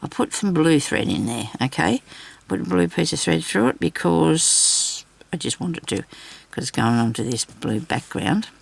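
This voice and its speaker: A woman chats away to her viewers as she works on a craft project. Her voice is strongly gravelly and husky, and her talk rambles along casually. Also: low-pitched, expressive, unhurried. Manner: chatty, rambling, talks directly to viewers. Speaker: craft vlogger.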